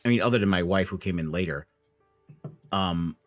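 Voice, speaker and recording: A man's voice: low voice, moderate pace, soft background music. A man chatting casually as game master after a tabletop campaign, rambling with lots of fillers. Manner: rambling, filler-heavy, animated.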